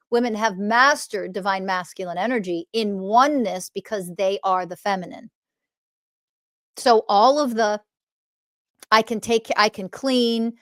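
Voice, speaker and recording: A woman's voice: mid-range voice, no room sound. Emphatic woman podcast host, dry sound. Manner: animated storytelling with emphatic swearing. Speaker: podcast host and spiritual teacher. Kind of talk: solo podcast monologue.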